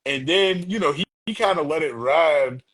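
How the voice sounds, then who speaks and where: Husky-voiced man in lively podcast talk. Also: a little high, normal speed, poor audio. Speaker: podcast guest. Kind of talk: casual podcast discussion.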